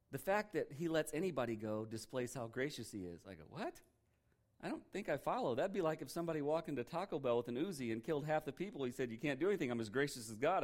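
A middle-aged man preaching a sermon in a casual, conversational way, often asking the congregation rhetorical questions. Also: fairly high pitch. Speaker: pastor.

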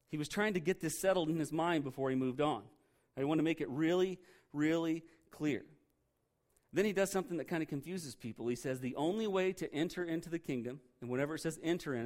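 A man preaching a sermon, animated and humorous, tossing rhetorical questions at the congregation. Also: a little high. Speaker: pastor.

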